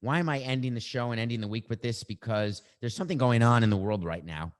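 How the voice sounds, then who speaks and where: A man's voice: medium pitch, fast. A middle-aged man hosting a sports show, delivering an opinionated monologue in an emphatic, wry way and drawing out words for effect. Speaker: sports podcast host.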